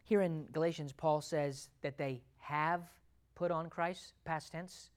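A woman preaches a sermon with an emphatic delivery. She repeats her key lines for weight and asks the congregation questions. Her level swings from loud, driving passages down to quiet, close ones. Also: low-pitched, fairly even intonation, slow.

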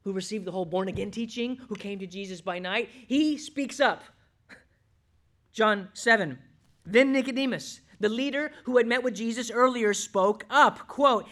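A pastor preaching a sermon in an animated way, asking the congregation rhetorical questions and dropping low and soft when reading scripture. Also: normal speed.

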